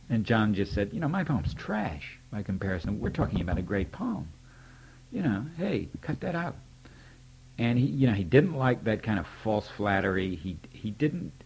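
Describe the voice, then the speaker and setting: A man's voice: low voice, slight background noise. An older man, a poet, candidly recalling a mentor in wry spoken stories, acting out old conversations. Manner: candid, wry storyteller who acts out remembered dialogue. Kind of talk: reflective spoken reminiscence.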